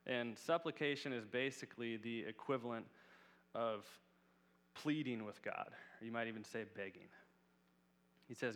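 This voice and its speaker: A man's voice: medium pitch, moderate pace, fairly bright tone, long reverb tail. A man teaching on a psalm in a conversational sermon, earnest and casual, with frequent fillers. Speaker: Bible teacher.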